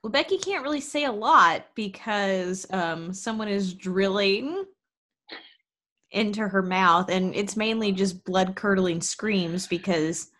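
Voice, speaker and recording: A woman's voice: medium pitch, takes it slowly, a bit bright. A woman playing a tabletop game, narrating her character's actions in a playful way. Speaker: player. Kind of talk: tabletop role-play narration.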